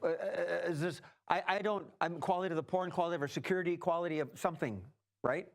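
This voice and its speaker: An improv actor playing a blustering, joke-cracking company boss, sitting a touch high in his range and tripping over restarts as he runs the meeting. It is a live improv comedy scene in a TV studio. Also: fast talker, natural voice. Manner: jokey, stammering restarts. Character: blustering male company CEO. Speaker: improv performer.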